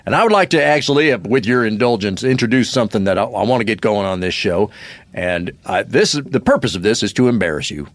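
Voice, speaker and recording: A man's voice: lowish voice, expressive, fast, no echo, lightly acted. A man playing a cranky, swearing cowboy poet who hosts a comedy podcast, with folksy rural talk. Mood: boastful. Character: cranky male cowboy poet, gruff and defensive. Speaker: podcast host.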